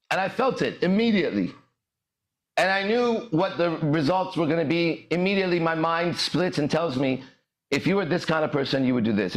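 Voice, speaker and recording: Swaggering man with a lively voice. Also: on the high side. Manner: swaggering, profane, bursts into shouted lyrics. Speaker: podcast host and dating coach. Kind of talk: motivational monologue. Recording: echoey room.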